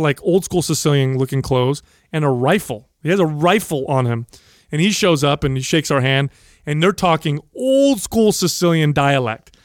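A man's voice: no room sound, studio quality. A man co-hosting a podcast, telling a long family story with lots of swearing and acting out the people he quotes. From USA. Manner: acts out quoted people with raised pitch, swears freely. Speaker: podcast co-host. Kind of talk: animated storytelling.

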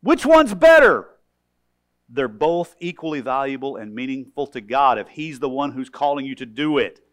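A man preaching a sermon as pastor, animated, acting out voices and swinging between loud calls and hushed lines. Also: medium pitch, moderate pace.

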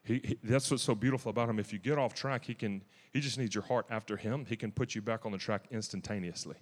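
A man with a fairly low voice delivers a sermon in a church. He talks with zealous emphasis, restarts his sentences and breaks into sudden louder bursts. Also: fast, husky, in a large hall. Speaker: preacher. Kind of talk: sermon testimony.

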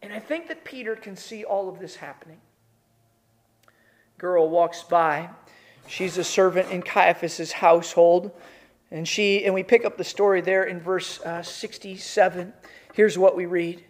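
A man delivers a sermon as a pastor. He retells the scene with vivid, acted-out voices, swinging from emphatic near-shouts to hushed, quiet passages. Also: high-pitched, steady tone, unhurried. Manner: dramatic retelling with voiced characters, emphatic rises.

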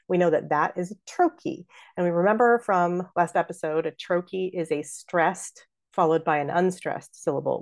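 A woman's voice: sits low, darkish tone. A middle-aged woman hosting a podcast, chattily explaining how to speak verse, with lots of fillers. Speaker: podcast host and theater artistic director.

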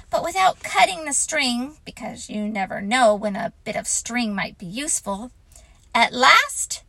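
A woman reading a children's story aloud in a gentle, unhurried way. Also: a little high, no room sound, rough recording.

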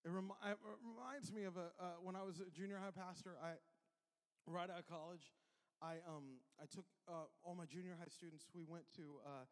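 High, bright-voiced preacher in a reverberant hall. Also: male voice, a little fast. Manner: animated, many restarts and filler words, acts out scenes loudly. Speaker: pastor. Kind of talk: sermon with a storytelling anecdote.

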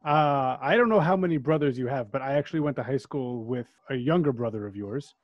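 A man's voice: mid-range voice, a little fast, no echo. A man hosting an interview, responding with enthusiastic praise and correcting himself mid-question. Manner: enthusiastic, affirming, slightly self-correcting. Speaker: podcast host. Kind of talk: interviewing a guest. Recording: dull dry sound.

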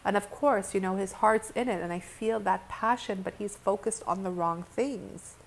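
Woman doing a spiritual vlog talk, earnest and fired up, lots of "like" and restarts, mid-pitched voice. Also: normal speed. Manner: earnest and impassioned, with frequent restarts and "like"; blunt, with occasional cursing. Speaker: spiritual teacher. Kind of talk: spiritual monologue to viewers.

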